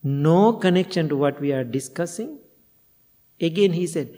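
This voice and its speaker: A man's voice: on the high side, lively intonation, moderate pace, mellow. A male Buddhist monk giving a dharma talk, telling stories in non-native phrasing and chuckling often. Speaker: Buddhist monk and meditation teacher. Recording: long hall reverb.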